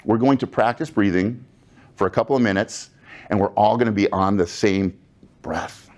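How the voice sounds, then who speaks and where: A man with a lowish voice leads a roomful of people through a guided breathing exercise. He keeps it casual and upbeat, chatting with his listeners between the calm breathing cues. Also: normal speed. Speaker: breathing workshop leader. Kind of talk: guided breathing instruction to a live group. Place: room with about twenty-five people.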